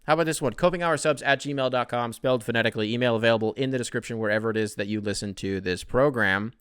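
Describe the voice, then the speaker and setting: A man's voice: mid-range voice, fast talker, a bit bright, smooth, dry recording. A man hosting a casual solo podcast who answers listener emails in a rambling, profane, conversational way, close to the mic. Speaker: podcast host.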